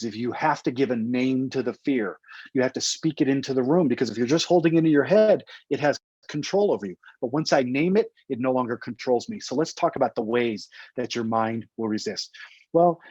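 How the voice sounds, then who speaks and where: A male coach giving an energetic online talk, emphatic and blunt, with casual swearing and acted-out quotes. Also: medium pitch, breathy edge, dry recording, lo-fi sound. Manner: acts out quoted voices. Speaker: motivational coach and speaker.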